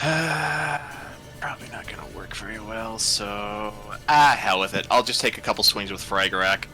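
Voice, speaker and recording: A man's voice: on the low side, moderate pace, bright, forceful tone, soft background music. A man playing in a tabletop game who jokes and swears wryly. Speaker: player. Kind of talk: casual tabletop play.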